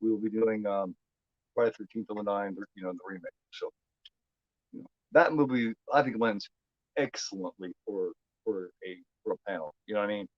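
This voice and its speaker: A man's voice: lowish voice, a little fast, no echo, lo-fi sound. A man from Indiana with a Midwestern American accent, hosting a movie watch-along stream in loose casual chat, rambling and repeating his words. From United States.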